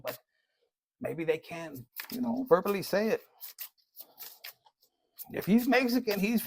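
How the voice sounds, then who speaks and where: A man's voice: a little high, expressive, gravelly, a little mellow, a little hiss or hum. A man giving a casual collective tarot reading, blunt and profane, joking and dropping in Spanish slang. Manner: reads card messages aloud slowly. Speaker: tarot reader.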